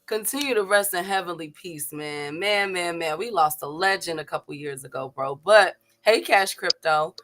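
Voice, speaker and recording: Bright-voiced chatty woman host. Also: on the low side, normal speed, few pauses, a little hiss or hum. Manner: chatty, laughs easily, greets viewers by name. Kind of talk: casual live-stream chat.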